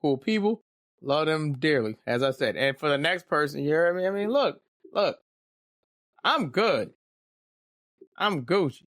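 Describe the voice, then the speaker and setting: A man's voice: fairly high pitch, very animated, measured pace, pauses often, a bit bright, no room sound, studio quality. A young man hosting a casual solo podcast, talking candidly and rambling with joking asides. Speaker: podcast host.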